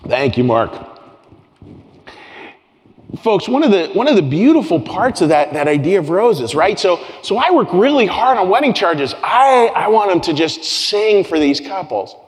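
A man's voice: high voice, big pitch swings, a little slow, slight background noise. A man preaching a sermon as pastor to his congregation, earnest, often repeating phrases and restarting his sentences. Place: church sanctuary with congregation. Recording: long hall reverb with soft guitar.

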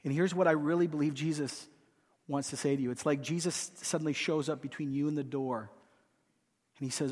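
A man preaching a sermon and leading a hushed, pleading prayer from a church stage. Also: a little high, steady tone, brisk, husky. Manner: earnest, hushed and pleading, voicing Jesus softly. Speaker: pastor. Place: large church auditorium. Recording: long hall reverb.

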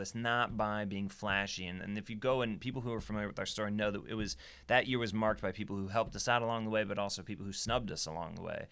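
A man's voice: on the low side, quick pace, creaky, fairly bright tone, clean tone. A man, a guest on an interview, telling his story in an earnest way and repeating phrases for emphasis. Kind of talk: casual storytelling.

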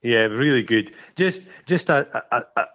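Male podcast co-host, mid pitch, jokey and profane, muffled dry recording. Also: animated, moderate pace. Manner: rambling, jokey, swears freely. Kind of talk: casual film review chat.

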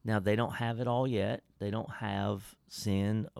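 A man's voice: fairly low pitch, little pitch movement, a little slow, gravelly, darkish tone, no room sound. A man, a pastor co-hosting a casual Bible-study chat, emphatic and folksy with preacherly asides.

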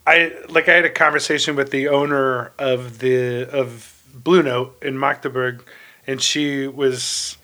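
A man chats on a podcast, telling a road story in a loose, rambling way. His voice is bright and forward, and his sentences keep doubling back on themselves. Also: medium pitch, fairly even intonation, a little slow. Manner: rambling, many fillers and restarts.

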